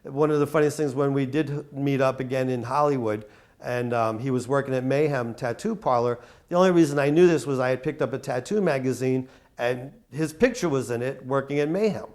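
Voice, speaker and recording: Man, mid pitch, casual interview anecdote, lots of fillers. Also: fairly quick, darkish tone. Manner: casual, filler-heavy storytelling. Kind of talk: documentary interview, reminiscing.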